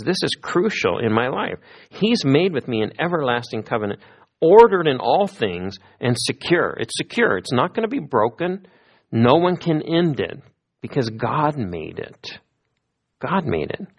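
Male pastor, mid-range voice, casual sermon delivery with lively emphasis. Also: medium pitch, gravelly. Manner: conversational preaching with lively emphasis.

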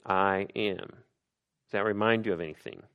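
A man's voice: deep voice, measured pace, lo-fi sound. A man preaching a sermon, talking it through with rhetorical questions to the congregation. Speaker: pastor.

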